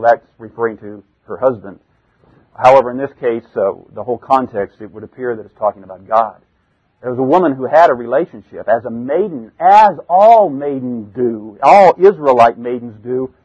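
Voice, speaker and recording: A man's voice: mid-range voice, brisk, slightly rough, muffled recording. A man teaching through Bible verses, reading passages aloud and explaining them with asides and self-corrections.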